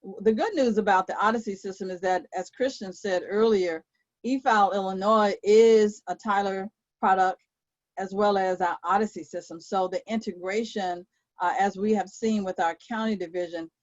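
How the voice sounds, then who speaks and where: A woman clerk hosts a question-and-answer webinar, reading each question and then talking it through with plenty of pauses and fillers. Her voice sits at a middle pitch. It comes through dull and dry, like audio from a video call. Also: fairly even intonation, no room sound. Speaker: court clerk moderating a webinar. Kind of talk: moderating a Q&A webinar.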